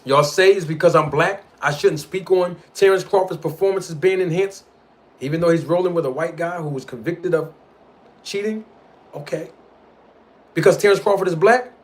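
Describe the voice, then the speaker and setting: A man's voice: a little high, normal speed. A man hosting a live stream, arguing his point about a boxing feud in slangy street talk and calling out to the people in his live chat. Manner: animated, argumentative, addresses live chat directly. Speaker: livestream host. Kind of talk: boxing commentary livestream.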